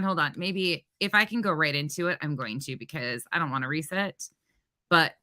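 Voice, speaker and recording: A woman's voice: on the low side, pushed and bright. A woman hosting a livestream, ranting profanely and confrontationally and repeating phrases for emphasis. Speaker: livestream host. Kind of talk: heated commentary livestream.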